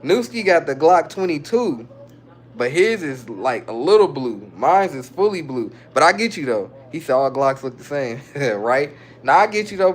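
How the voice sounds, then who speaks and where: A man streaming live and answering his viewers' chat in a relaxed, slangy way, often breaking into chuckles. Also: fairly high pitch. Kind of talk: casual livestream chat.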